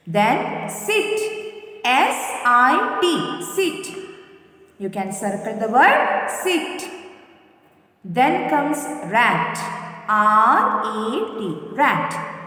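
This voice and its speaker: A woman teacher with an Indian English accent, slowly spelling words letter by letter and repeating them for young pupils. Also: a little high, big pitch swings, pushed and bright. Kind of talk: classroom English lesson. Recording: very echoey room with long reverb.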